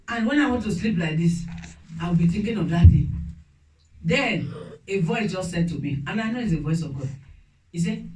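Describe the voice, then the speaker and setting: A woman's voice: mid-range voice, a little mellow. A woman preacher giving a chatty sermon, telling stories about herself and often laughing. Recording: echoey room, distant mic, faint noise.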